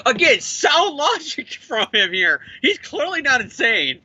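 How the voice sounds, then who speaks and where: A man's voice: high-pitched, very animated, slow, bright, forceful tone, dull audio. A man co-hosting a comic book podcast, ranting in a profane, jokey way about the story. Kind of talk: casual comic review chat.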